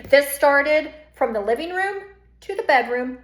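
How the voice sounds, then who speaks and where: Brief: high-pitched woman coach, emphatic direct-to-camera talk, roomy echo. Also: animated, measured pace. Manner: emphatic, acts out quoted voices; repeats phrases for emphasis. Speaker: self-esteem coach. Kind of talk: casual direct-to-camera monologue.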